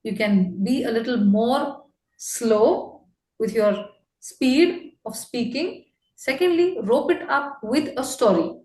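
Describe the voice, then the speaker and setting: A woman with an Indian accent coaching a candidate after a mock interview. She is brisk and emphatic, mixing English and Hindi. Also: fairly high pitch, lively intonation, darkish tone, reverberant.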